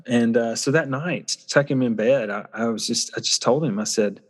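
A man's voice: medium pitch, normal speed, hardly any pauses. A man speaking reflectively and earnestly in casual conversation, often restarting his sentences as he tells a personal story. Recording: long hall reverb.

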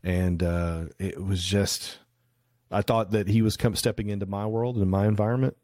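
Low-voiced man telling lively stories. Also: moderate pace, dry recording, clean studio sound. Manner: rambling, animated anecdotes with restarts. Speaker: podcast guest, photographer. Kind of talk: casual interview storytelling. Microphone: remote call recording.

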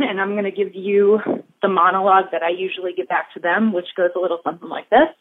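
A woman's voice: medium pitch, steady tone, a little fast, a little hiss or hum. A woman from the Boston area with a light Boston accent leaves a chatty voicemail as a longtime listener, with many "um"s. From Boston area, United States. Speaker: listener calling in. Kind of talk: recorded voicemail message. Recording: tinny phone line.

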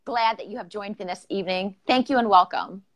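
A woman's voice: mid-range voice, brisk. A woman hosting an informal live-streamed podcast interview over a video call, chatty and bubbly with lots of fillers. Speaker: podcast host.

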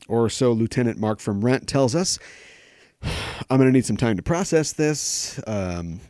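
A man's voice: mid-range voice, darkish tone, no room sound, studio quality. Sarcastic man hosting a comedy podcast. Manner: sarcastic, jokey asides. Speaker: podcast host.

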